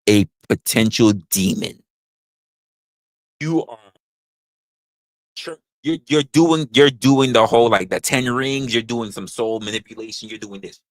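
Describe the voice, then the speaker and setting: A man's voice: medium pitch, unhurried, long pauses, no echo, clean studio sound. Rambling crude man on a livestream. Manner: loud, rambling, crude and joking, repeats himself. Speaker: livestream host. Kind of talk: casual livestream talk.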